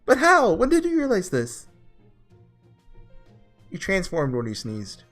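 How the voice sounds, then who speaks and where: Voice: wildly swooping pitch, a little slow, fairly bright tone, soft background music. A reader reading aloud the lines of a proud young goddess of the underworld in a game, haughty and easily flustered. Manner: haughty then shrill and flustered.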